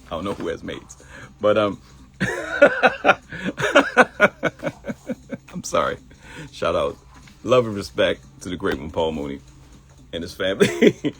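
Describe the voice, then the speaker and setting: Hosting a live morning talk stream, a man speaks motivationally, repeating phrases and laughing at his own jokes. His voice sits low and sounds slightly rough.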